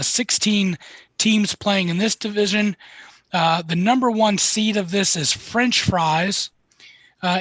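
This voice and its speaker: A man's voice: high voice, fairly bright tone, no echo. A man hosting a casual podcast chat, leading each round and laughing easily. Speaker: podcast host.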